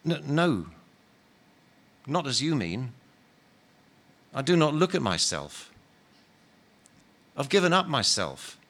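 A man reading aloud and voicing a calm, reassuring male spirit who speaks patiently. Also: mid-range voice, slow, pauses often, full character voice. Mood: serene. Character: calm joyful male spirit, gentle, at peace.

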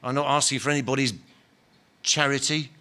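A man's voice: medium pitch, steady tone, a little fast, pushed and bright. A man voicing an indignant, aggrieved old ghost. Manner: indignant, insistent, ungrammatical working-class talk. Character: bitter aggrieved male ghost, former workman, self-righteous. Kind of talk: dramatic reading of a novel.

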